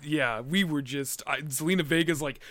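A man co-hosting a casual wrestling recap chat, excitable and joking, laughing often and swearing. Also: fairly high pitch, normal speed, no room sound. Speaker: wrestling podcast co-host.

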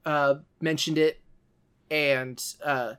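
A man's voice: fairly high pitch, fairly even intonation, takes it slowly, a bit bright, clear, resonant tone. A man co-hosting a casual podcast, talking in an easygoing, rambling way with many fillers. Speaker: podcast co-host.

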